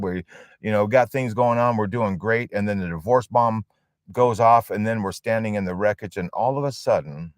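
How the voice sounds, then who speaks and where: Support group leader, male, very low voice, dramatic pauses, dry sound. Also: no room sound. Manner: dramatic pauses, emphatic storytelling. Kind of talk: storytelling sermon.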